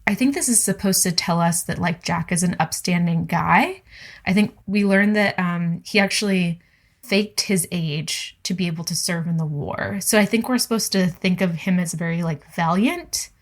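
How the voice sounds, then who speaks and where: A woman co-hosting a podcast, talking through a book in casual chat and acting out characters' lines in quick voices. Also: fairly low pitch. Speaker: podcast co-host.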